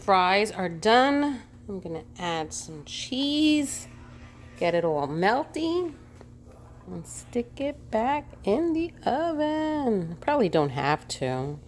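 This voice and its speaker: A woman's voice: a little high, sing-song, slow. A woman vlogging in her home kitchen, chatting casually as she talks through each cooking step.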